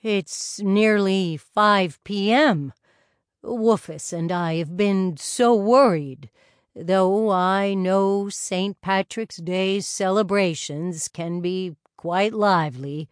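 A woman narrator voicing a kindly, solicitous husband nearing seventy, speaking slowly and deliberately. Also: medium pitch, clean tone, dry recording, clean studio sound, lightly acted. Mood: worried.

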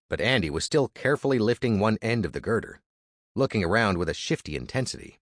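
A man with a low voice narrating an audiobook. His reading is dramatic and very animated. The recording is dry and close, with no room sound. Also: fast, no room sound.

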